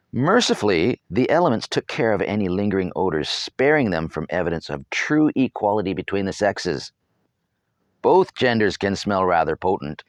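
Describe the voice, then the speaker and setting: Deep-voiced guy reading his own storybook, very animated, wry jokes thrown in. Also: normal speed, long pauses, dry recording. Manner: wry, humorous asides. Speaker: author reading his novel. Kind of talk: storybook narration.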